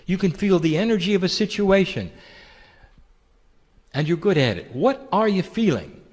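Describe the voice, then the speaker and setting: A man delivers a channeled spiritual talk, his fairly high voice rising and falling in lively swoops. He speaks in a gentle, intimate, preacherly way and keeps asking the listener questions. A long hall reverb trails after his words. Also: normal speed.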